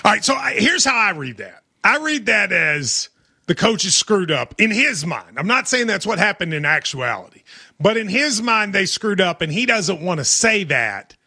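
High, bright-voiced man from Kentucky. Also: sing-song, moderate pace, breathy edge. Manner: joking, rambling, talks over his co-host. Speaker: sports show host. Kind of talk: casual sports talk.

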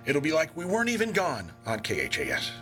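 A man's voice: on the high side, huge pitch swings, fast, over music. A man hosting a call-in radio swap show, reading items for sale and trading jokes with his co-host. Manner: joking, reads listings aloud. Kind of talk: casual radio swap-shop chat.

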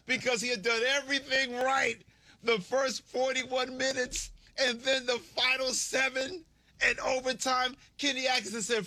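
Sarcastic man with a bright studio voice. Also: very high voice, little pitch movement, moderate pace, no echo. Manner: sarcastic, theatrical storytelling. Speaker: sports radio host. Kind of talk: sports radio monologue.

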